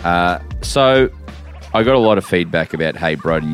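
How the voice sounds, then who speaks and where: A man's voice: low voice, animated, normal speed, soft background music. An Australian man co-hosting a podcast from a hotel room, rambling and teasing in casual chat with frequent swearing. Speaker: podcast co-host.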